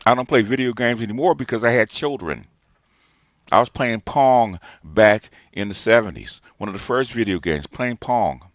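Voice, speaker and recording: A man's voice: on the low side, normal speed, no room sound, clean studio sound. A man in his sixties gives a ranting, lecturing response monologue as a streamer, emphatic and repeating his points. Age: 60s.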